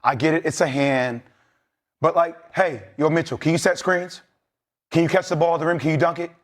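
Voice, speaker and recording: A man's voice: on the high side, steady tone, fairly quick. A man, a former player, giving blunt, rallying talk as a guest on a sports debate show. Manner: blunt, rallying, streetwise slang.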